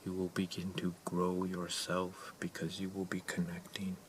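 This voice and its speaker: A man playing a low-voiced eccentric guru. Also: monotone, normal speed, natural voice. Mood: earnest. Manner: swings between hushed whispers and loud exclamations; broken English grammar. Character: eccentric male motivational guru, intense and earnest. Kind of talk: character monologue to camera. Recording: distant mic with faint ambient noise.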